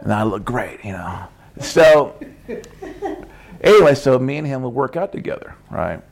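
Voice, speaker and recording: A middle-aged man preaching a sermon, telling animated personal stories and acting out what people said. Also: medium pitch, normal speed, creaky. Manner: animated storytelling, acts out quotes, laughs often.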